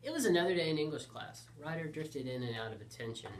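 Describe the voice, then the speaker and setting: A man hosting and narrating a comic story with a playful, deadpan delivery. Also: on the high side, quick pace, a little hiss or hum. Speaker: storyteller host.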